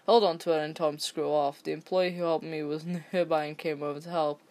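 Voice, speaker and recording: A woman's voice: low-pitched, steady tone, fast talker, darkish tone. A woman from England, casually reading an online story aloud and breaking off into rambling, sweary asides and stumbles. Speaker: story reader.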